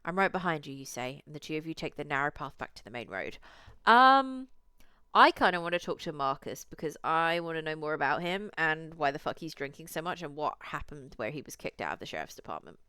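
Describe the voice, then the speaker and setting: Low-voiced woman reading a visual novel. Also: very animated, fairly quick, sharp tone, smooth, dry recording. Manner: chatty, reacts to the story with cursing asides. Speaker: streamer.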